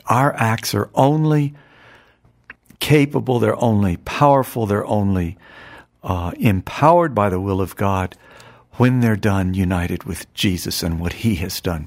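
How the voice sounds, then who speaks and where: A man reading a devotional text aloud and explaining it in an earnest, measured way, often repeating phrases. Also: lowish voice. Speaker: spiritual teacher.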